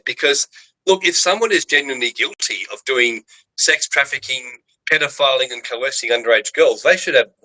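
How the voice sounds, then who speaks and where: A man's voice: mid-range voice, sharp tone, poor audio. Emphatic man on a video call. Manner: emphatic, rambling, with many restarts. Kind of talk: animated storytelling in casual chat.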